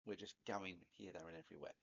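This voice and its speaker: A vlogger with a Cockney accent chats casually to camera, rambling and now and then laughing at himself. His voice is low and steady with vocal fry, he talks fast, and the sound is lo-fi.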